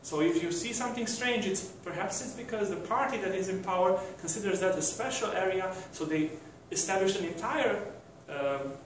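A man's voice: high voice, lively intonation, fairly quick, few pauses, slight background noise. A man giving a university lecture, hesitant, with many fillers and restarts. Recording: very echoey room from far off.

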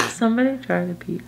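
A woman's voice: fairly high pitch, gravelly, fairly bright tone, a little hiss or hum, low-quality recording. A woman chatting playfully and teasing in a casual vlog at a friend's home at night. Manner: playful, teasing, often laughing. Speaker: vlogger. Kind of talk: casual travel vlog chat.

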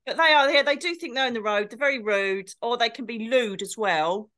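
Bright, lively woman storyteller. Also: a little high, a little fast. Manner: animated storyteller, slips into comic impressions. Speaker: co-host. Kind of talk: casual chat.

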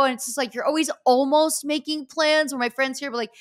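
A middle-aged woman hosting a podcast in casual chat, animated and acting out what people say. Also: high voice, fairly quick, few pauses. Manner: animated, acts out quoted people. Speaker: podcast host.

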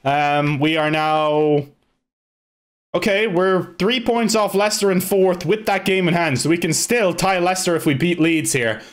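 A young man giving loose live commentary on his own football video game, swearing and shouting at his players. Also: high voice, a little slow. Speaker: gaming video creator.

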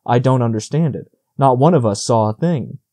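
A man voicing an anxious mother deer who speaks quietly in a storybook. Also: mid-range voice, normal speed, lightly acted. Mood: worried. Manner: quiet, worried.

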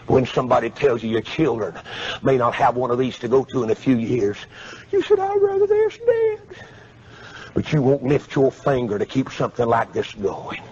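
A man preaching a revival sermon, swinging from quiet pleading to shouting. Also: medium pitch, steady tone, fairly quick. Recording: muffled lo-fi sermon tape.

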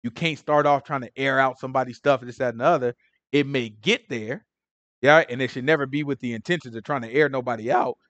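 A man's voice: medium pitch, brisk, no room sound. A man teaching a Bible study in casual street slang, acting out the people in the story as he retells it. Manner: street slang, acts out characters, animated. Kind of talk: casual sermon retelling scripture.

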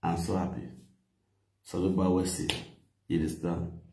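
Nigerian man, low and dark voice, excited live-stream chat, echoey room. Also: normal speed. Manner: excited, thankful, mixes English with pidgin and Yoruba. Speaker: vlogger doing a daily live video.

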